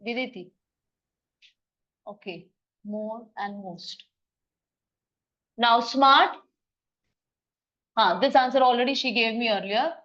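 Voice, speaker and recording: A woman teaching a grammar lesson in a classroom, brisk and coaxing as she quizzes students. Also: a little high, fairly bright tone, lo-fi sound.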